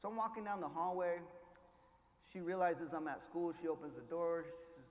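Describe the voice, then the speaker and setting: A man giving an inspirational keynote, telling his story with hushed lows and loud surges, mixing in Spanish words. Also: a little fast. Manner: passionate, swings between hushed and loud, drops Spanish words. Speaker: keynote speaker. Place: large conference hall. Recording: echoey hall, faint ambience.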